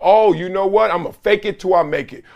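A man's voice: high-pitched, a little fast, creaky, lo-fi sound. A man putting on a mocking, breezy sing-song voice for a cocky, starry-eyed young male football star. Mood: smug.

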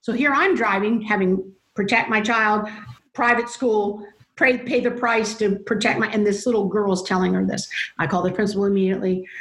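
A woman's voice: medium pitch, fairly even intonation, a little fast. A middle-aged mother speaking as a guest, telling stories earnestly about faith and parenting. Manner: earnest, storytelling, acts out voices in quotes. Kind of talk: Christian parenting talk. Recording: roomy echo.

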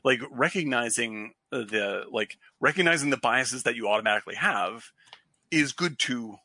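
Bright-voiced guy hosting a movie podcast, laughs at himself, trips over words a lot. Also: medium pitch, normal speed, no room sound. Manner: animated, self-deprecating, laughing, stumbles and restarts. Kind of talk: casual chat about film.

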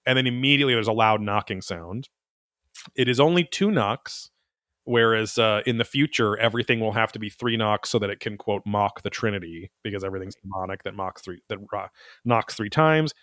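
A man's voice: on the low side, brisk, a bit bright, no echo, studio quality. Rambling, foul-mouthed male podcast host. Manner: rambling, profane, wry. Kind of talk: casual episode recap chat.

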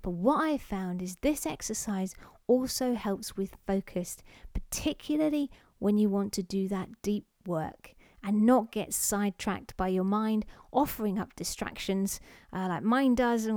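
A woman's voice: medium pitch, measured pace, mellow, no room sound, clean studio sound. A woman hosting a self-help podcast, explaining exercises step by step in a friendly way with a few fillers. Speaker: podcast host.

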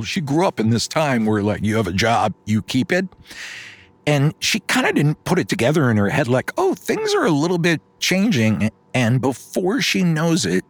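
A man telling an improvised comic bedtime story on a podcast, slipping into quick character voices. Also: medium pitch, husky, no echo. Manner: animated storytelling with sudden put-on voices.

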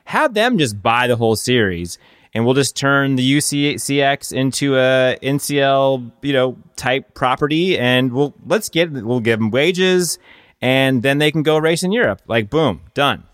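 A man co-hosting a casual podcast chat, rambling in quick bursts and often trailing off mid-thought. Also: medium pitch, animated, fairly bright tone, no room sound, clean studio sound. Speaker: podcast co-host.

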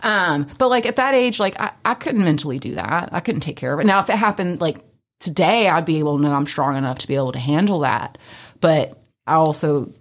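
A woman's voice: sits low, animated, fairly quick. A young woman in casual conversation, talking candidly and rambling with many fillers. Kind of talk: casual chat.

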